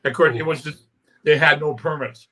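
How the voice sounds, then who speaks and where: Bright-voiced older man telling road stories. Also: a little high, fairly even intonation, normal speed. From Canada. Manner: rambling anecdotes with many "right?" tags and acted-out quotes. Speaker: interview guest, punk musician. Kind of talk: casual storytelling interview.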